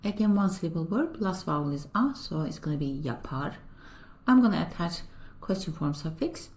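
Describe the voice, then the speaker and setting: A woman teaching a beginner language lesson, explaining grammar step by step in a patient way and repeating example sentences slowly. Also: lowish voice, lively intonation, a little mellow.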